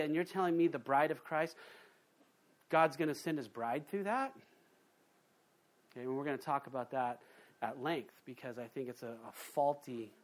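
Animated preaching man, fairly high voice. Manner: animated, swings from loud emphasis to quiet asides, acts out quoted voices. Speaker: pastor. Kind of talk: sermon.

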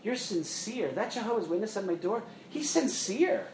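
A man's voice: high voice, sing-song, moderate pace, darkish tone, slight background noise. Conversational preaching man. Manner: conversational preaching, frequent "okay?" and "guys". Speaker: pastor. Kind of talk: sermon.

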